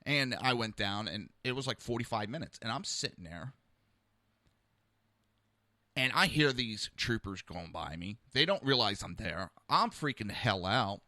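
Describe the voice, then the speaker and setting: A man's voice: lowish voice, animated, measured pace, pushed and bright, dry recording. A man hosting a podcast, telling a personal story in a heated, rambling, blunt way. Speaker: podcast host.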